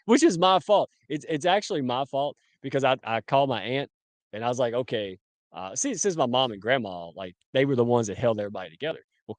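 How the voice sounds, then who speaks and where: A man's voice: mid-range voice, dry recording. A man co-hosting a casual livestream, loose and laughing, throwing in dude and man as he talks over a computer mic on a video call. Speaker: livestream co-host.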